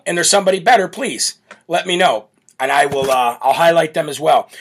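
Man, high-pitched, brash, mocking, political commentary, talk show host. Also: fairly bright tone. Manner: brash, mocking, laughs often. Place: home setup with camera.

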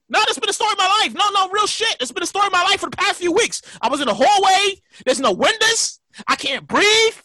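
Loud animated high-voiced New man. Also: no room sound. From New York. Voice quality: animated, profane, laughing often. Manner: storytelling with loud mock reenactments. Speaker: podcast host. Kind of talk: casual podcast chat.

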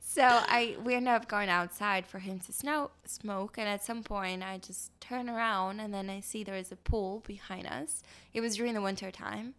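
A woman's voice: medium pitch, moderate pace, hardly any pauses, fairly bright tone, clean tone. A woman guest on a podcast, telling a long story in a chatty, casual way and often breaking into laughter.

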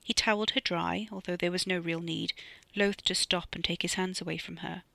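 An author reading their own novella aloud as measured, scripted narration. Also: mid-range voice, fairly even intonation, vocal fry, sharp tone, no room sound. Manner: measured storytelling.

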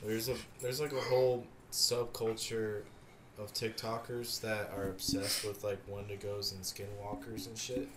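A man's voice: on the low side, little pitch movement, measured pace, reverberant, slight background noise. A young man co-hosting a casual podcast, joking and teasing his friends. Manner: goofy, teasing. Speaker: podcast co-host. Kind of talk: casual chat.

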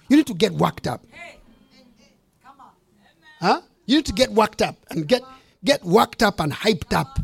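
A man's voice: sits high, very animated, measured pace, vocal fry, long pauses, breathy edge. A man, a bishop, preaching a sermon, telling a story with emphatic, punchy repetition.

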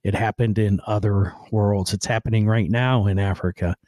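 Man, podcast host, opinion monologue, blunt, rambling, swears casually, low voice, dry sound. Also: steady tone, moderate pace, warm tone, dry recording. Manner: swears casually and then apologizes.

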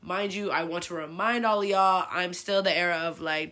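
A woman's voice: lowish voice, normal speed, pushed and bright. A woman in her twenties from California, telling personal stories in a casual, profane, oversharing way as a podcast host. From El Sobrante, California. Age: 20s. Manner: chatty, profane, oversharing, filler-heavy. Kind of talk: casual confessional storytelling.

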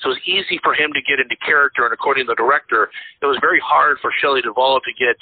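A man's voice: medium pitch, rapid-fire, slightly rough, no room sound. A man co-hosting a casual podcast chat about movies, rambling with lots of fillers and restarts. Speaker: podcast co-host. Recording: tinny phone-like line.

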